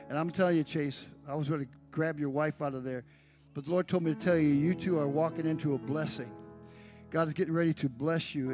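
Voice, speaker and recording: A man preaching a sermon as pastor, calling out to members of his congregation by name. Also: a little high. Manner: preaching with call-outs to congregation. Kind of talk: sermon with live demonstration.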